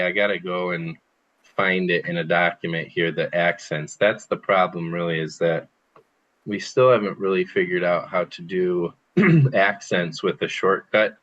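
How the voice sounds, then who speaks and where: A man's voice: sits low, fairly bright tone, highs cut off. A man teaching an online group language lesson over a computer, patiently explaining and repeating phrases for students to copy. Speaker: Spanish teacher.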